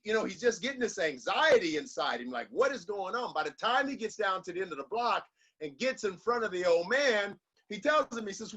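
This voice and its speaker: A man's voice: high voice, bright, forceful tone, lo-fi sound. A man giving a motivational speech in an emphatic, repetitive, preacher-like delivery. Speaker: motivational speaker.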